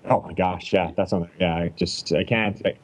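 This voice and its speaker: This is a middle-aged man from Canada, a chiropractor speaking as a guest in a relaxed conversation. His voice sits a little low. He tells stories with energy and acts out what each person said. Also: normal speed, low-quality recording. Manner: animated storyteller who acts out quoted lines. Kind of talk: casual podcast chat.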